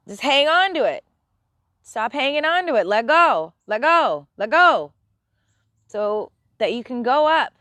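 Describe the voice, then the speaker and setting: A woman's voice: high voice, very animated, a little slow, bright, forceful tone, no room sound, clean studio sound. Blunt, profane woman streamer. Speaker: live stream host. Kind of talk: casual spiritual rant.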